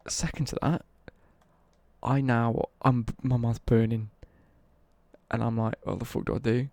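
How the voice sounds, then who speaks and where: Gravelly English guy telling a story. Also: mid-range voice, steady tone, a little slow, a little mellow, dry recording. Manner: swears freely, rambling with self-corrections. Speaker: livestreamer. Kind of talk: casual storytelling on a livestream.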